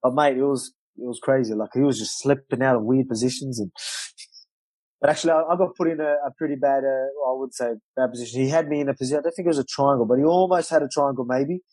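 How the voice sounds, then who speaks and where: Animated man telling a story. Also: medium pitch, fast, no echo, rough recording. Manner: animated storyteller, loose swearing, acts out quotes. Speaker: guest, professional fighter. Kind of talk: storytelling in casual interview.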